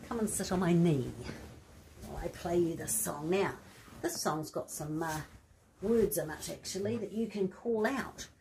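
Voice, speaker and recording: A woman reading a bedtime story to children, animated and asking the listener questions. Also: lowish voice, moderate pace, gravelly, slight background noise.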